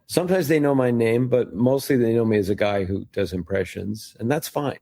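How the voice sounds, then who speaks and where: A man's voice: mid-range voice, a little fast, dark tone, no room sound. An American man, a guest impressionist, telling wry stories in a casual podcast interview. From United States. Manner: wry, storytelling, restarts often.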